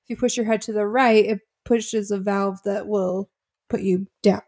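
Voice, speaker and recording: A woman's voice: medium pitch, moderate pace. A woman co-hosting a podcast, casually chatting about a reality show episode and laughing along. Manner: relaxed, agreeable, laughs along. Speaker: podcast co-host. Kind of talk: casual recap chat.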